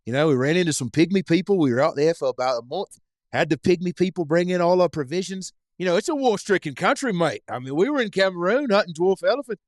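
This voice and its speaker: A well-traveled Kiwi hunter with a New Zealand accent, as a man puts him on in a podcast story, pitched noticeably higher than the teller's own voice. He boasts in an offhand, matter-of-fact way. The recording is dry and close. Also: lively intonation, quick pace, dry recording. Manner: casual, offhand storytelling with "mate".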